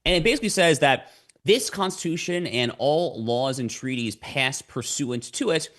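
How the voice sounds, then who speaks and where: A man's voice: medium pitch, lively intonation, moderate pace, a bit bright. A man as a podcast guest, explaining at length in a lecturing way and repeating words as he starts his sentences. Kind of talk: explanatory conversation.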